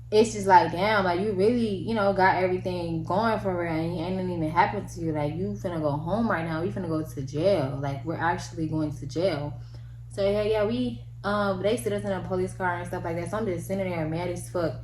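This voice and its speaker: A young woman telling a casual storytime, slangy and animated, acting out the people in it with big jumps in pitch. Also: normal speed, a little hiss or hum. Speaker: vlogger. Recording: echoey room with faint ambience.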